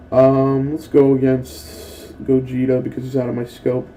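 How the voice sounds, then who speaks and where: This young gaming channel host speaks in a mid-range voice at normal speed with hardly any pauses, captured on a low-quality recording. He rambles and swears while telling stories between gameplay moves, acting out quotes excitably.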